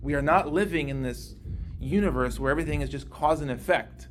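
Animated man teaching a Bible class. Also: a little high, fairly quick, soft background music. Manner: conversational, animated, quotes scripture in acted voices. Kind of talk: casual Bible class lecture.

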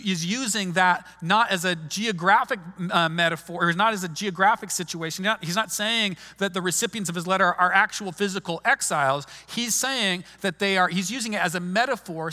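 A man with a high, bright, forceful voice teaches through a Bible passage. He explains patiently, pausing to check in with his listeners and reworking phrases mid-thought. His words ring out with the long reverb of a big hall.

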